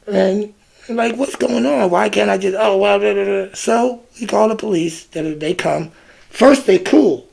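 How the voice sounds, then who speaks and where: High, gravelly man telling a story. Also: unhurried. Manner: animated, reenacts exchanges, scat fillers like "da, da, da". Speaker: vlogger. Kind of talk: casual storytelling monologue.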